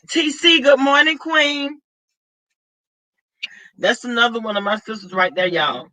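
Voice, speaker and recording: A woman's voice: a little high, sharp tone, rough recording. A woman with a Southern US accent, chatting casually to her viewers on a live stream and greeting them by name as she tells a dramatic story. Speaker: vlogger.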